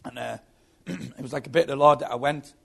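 A man's voice: mid-range voice, brisk, gravelly, fairly bright tone, breathy edge. A man telling his own story as a Christian testimony, earnest and often repeating his words. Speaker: former prisoner giving testimony.

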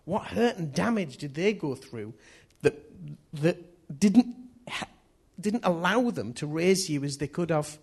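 Husky-voiced man preaching. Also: fairly high pitch, expressive, unhurried, few pauses, a little mellow. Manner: earnest, repeats key phrases. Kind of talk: sermon.

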